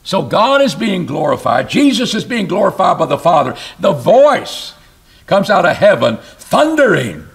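A man preaching an expository sermon, reading scripture aloud and explaining it, with emphatic rises and sudden low drops. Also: measured pace, vocal fry. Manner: animated, rising to emphatic bursts and dropping low.

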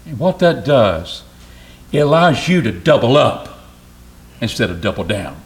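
A man's voice: medium pitch, big pitch swings, unhurried. A man preaching a sermon in an earnest, emphatic way, often repeating phrases.

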